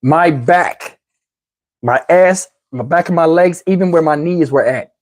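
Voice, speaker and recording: A man telling a wild personal story in a casual, animated, slangy way, swearing freely. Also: fairly high pitch, a little slow.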